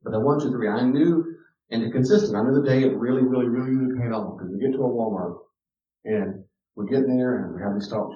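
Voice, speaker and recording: This middle-aged man has a mid-range voice and talks quickly while teaching a parenting class. He tells stories about raising his son and repeats words for emphasis. The archive recording is dull, roomy, and distant.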